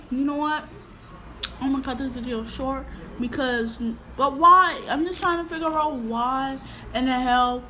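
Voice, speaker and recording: Woman, high and bright, blunt slangy reaction commentator, a touch of background hiss. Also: poor audio. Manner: exasperated, blunt, slangy, repeats herself. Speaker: video reactor.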